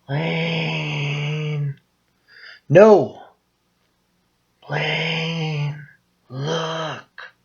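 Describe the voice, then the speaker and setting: A man reading his own first-person horror story aloud, muttering through the narration and breaking into loud outbursts on the quoted lines. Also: mid-range voice, highs cut off.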